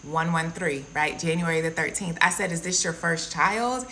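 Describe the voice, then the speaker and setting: A woman's voice: low voice, normal speed, pushed and bright, a little hiss or hum. A woman giving an earnest, casual devotional testimony and addressing her listeners as guys. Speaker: Christian content creator.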